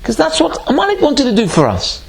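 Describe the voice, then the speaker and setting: A man, a rabbi, giving a Torah class and telling a joke as an animated storyteller. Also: brisk, vocal fry. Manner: animated storyteller, swooping between high and low.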